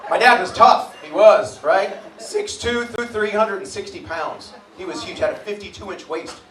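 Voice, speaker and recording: On a pub stage before a live audience, a man in his forties does crude stand-up, telling brash, punchy stories and one-liners. His voice is high and his speed normal. The distant, echoey room carries crowd laughter and bar ambience.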